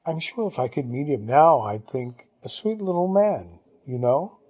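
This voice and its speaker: A man reading an audiobook, voicing a genteel older Englishwoman who chats fondly about her childhood with brisk, upper-class exclamations. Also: a little high, big pitch swings, a little mellow, breathy edge, heavily acted. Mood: reminiscing. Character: genteel older Englishwoman, chatty and fond of the past.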